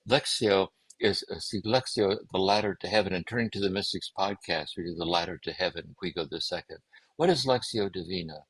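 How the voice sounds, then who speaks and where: A man speaking as a guest, giving a gentle, meditative talk on contemplative prayer and often circling back to repeat his phrases. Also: deep voice, fairly quick, breathy edge, no room sound, rough recording. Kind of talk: reflective spiritual teaching.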